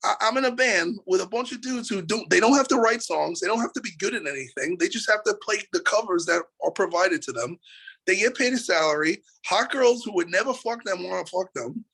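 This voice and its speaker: A man from New York City, a musician guest in a casual interview, ranting in an animated, profane way and laughing between points. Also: sits high, brisk, creaky, slightly rough.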